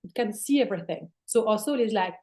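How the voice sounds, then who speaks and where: A woman spiritual teacher speaking as a guest in casual spiritual talk, swearing casually and sometimes dropping into soft near-whispers. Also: mid-range voice, lively intonation, fast.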